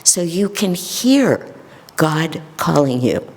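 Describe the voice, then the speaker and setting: A middle-aged woman minister delivers a sermon at an unhurried pace, her voice low and slightly husky. She tells personal stories and sinks into soft near-whispers to make a point. The temple around her adds a long, lingering reverb. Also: sing-song. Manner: storytelling, drops to soft near-whispers for emphasis.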